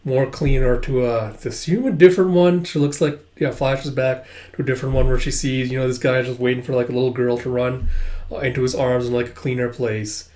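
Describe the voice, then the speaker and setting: A man's voice: mid-range voice, level tone, brisk, darkish tone. A man casually recapping a manga chapter, rambling with lots of fillers. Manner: rambling, frequent fillers and "it's like". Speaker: manga reviewer.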